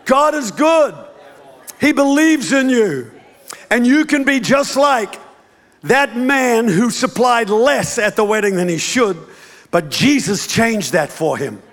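A high-pitched man preaching a sermon in a large church hall. His voice rings with a long reverb. He tells stories with playful mimicry and shifts into emphatic preaching. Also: lively intonation, takes it slowly. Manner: storytelling with playful mimicry and chuckles. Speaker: pastor.

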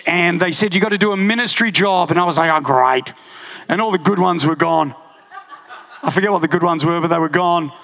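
A man preaching a sermon, telling a personal story with lively humor and frequent laughter. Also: sits high. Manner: animated storytelling, laughing often. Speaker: pastor.

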